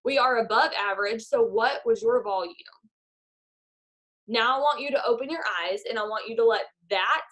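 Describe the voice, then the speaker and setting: A woman's voice: a little high, normal speed, fairly bright tone. A woman, a network marketing leader giving an upbeat motivational talk over a video call. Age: 20s. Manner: upbeat, guides a visualization.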